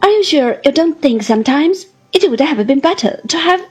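A woman's voice: high-pitched, lively intonation, moderate pace, faint music behind, voice pushed up. A woman voicing a timid, coaxing young wife in a storybook reading, with a childlike, pleading manner.

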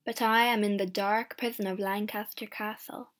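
A woman narrating a first-person storybook slowly and clearly. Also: mid-range voice, little pitch movement. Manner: slow, clear and deliberate. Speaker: audiobook narrator.

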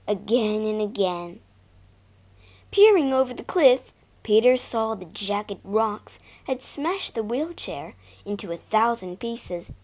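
A woman reading a storybook aloud to learners, clear and expressive. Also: mid-range voice, measured pace. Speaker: storybook reader. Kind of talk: slow read-aloud story narration for learners.

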